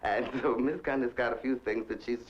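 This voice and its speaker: A man's voice: medium pitch, fairly even intonation, moderate pace. A man telling candid stories to the camera in a camp, flamboyant way, laughing often as he talks. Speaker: interviewee telling life stories. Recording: dull 1960s film recording.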